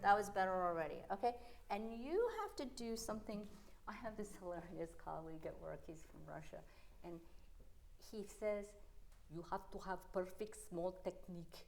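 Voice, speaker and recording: A middle-aged American piano teacher coaches a chamber trio in a masterclass, animatedly counting and singing rhythms aloud over their playing, with piano, violin and cello in the background. Her voice is medium pitch at normal speed, with vocal fry.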